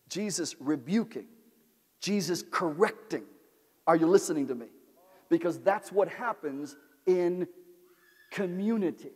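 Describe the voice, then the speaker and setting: A pastor preaches to his congregation in a high, ringing voice, repeating phrases and calling for amens as he builds to shouts. The sound carries a long reverb from the large church sanctuary where he stands. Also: lively intonation, unhurried, pauses often, breathy edge. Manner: call-and-response preaching, repetitive, rising to shouts. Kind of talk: sermon.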